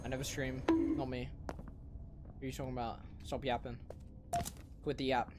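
A young man streaming a horror game, who screams, swears and panics loudly as he plays. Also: mid-range voice, little pitch movement, moderate pace, noisy background. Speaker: gaming streamer. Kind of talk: live horror game reactions.

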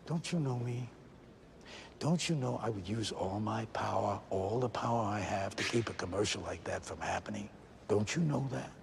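An actor playing an intense, volatile male stage star on a phone call, lovesick and swinging from low brooding menace to shouting. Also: moderate pace, gravelly, slight background noise. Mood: menacing.

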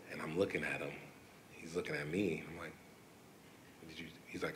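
A young man, a guest artist, telling animated, swearing stories in a casual live question-and-answer session. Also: very deep voice, a little fast, slight background noise. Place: event hall with audience.

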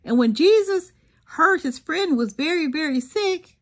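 An older woman reading a children's storybook aloud, slow and sing-song with dramatic pauses and a softly breathy voice. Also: high-pitched, lively intonation. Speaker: storybook reader. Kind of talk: expressive children's read-aloud.

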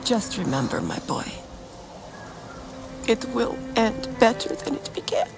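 An actress playing a mother who gently counsels her young son in a game cutscene, speaking in a soft, solemn, consoling way. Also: a little high, wildly swooping pitch, measured pace, gravelly, over music, full character voice. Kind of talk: video game cutscene acting.

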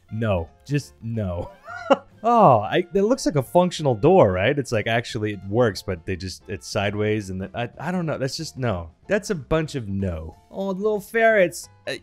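A man's voice: mid-range voice, big pitch swings, moderate pace, soft background music. Laughing man reacting with a wildly swinging voice. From United States. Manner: laughs often, exclaims, groans at images. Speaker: reaction video creator. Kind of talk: casual reaction commentary.

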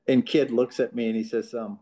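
Co-host, male, from Southern California; chatty storyteller who acts out quotes, middle pitch. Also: brisk. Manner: animated anecdote teller who acts out quotes. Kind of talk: casual podcast chat.

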